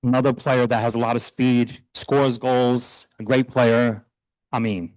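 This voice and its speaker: A middle-aged man, a youth soccer coach, speaking earnestly and proudly while honoring his players at a town meeting, loose and a little halting. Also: medium pitch, flat delivery, a little mellow, no echo, low-quality recording. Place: township council meeting room.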